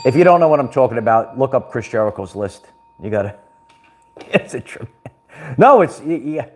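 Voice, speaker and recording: A man's voice: mid-range voice, a little mellow. A man hosting a casual livestream, rambling, restarting words and laughing often. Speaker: livestream host.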